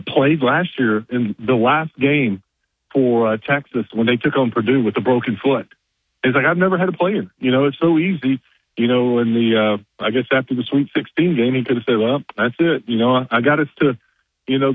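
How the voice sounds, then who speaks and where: A man's voice: medium pitch, dry recording. A man calling in to a radio show as a reporter, chatting casually and rambling with lots of fillers, often losing his train of thought. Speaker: reporter calling in from media days. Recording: tinny phone line, dry.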